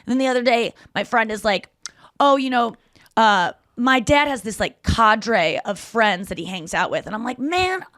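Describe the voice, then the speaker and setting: A woman's voice: on the high side, normal speed, a bit bright, no echo, studio quality. A woman hosting a podcast in casual chat, telling stories animatedly and acting out quoted lines. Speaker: podcast host.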